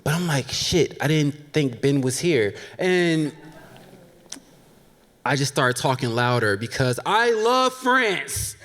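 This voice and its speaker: Very animated yet slow-paced, a man in his thirties with a fairly high, slightly bright voice tells a funny true story live on stage. He's candid and laughs through asides to the audience, and the stage hall leaves a long reverb.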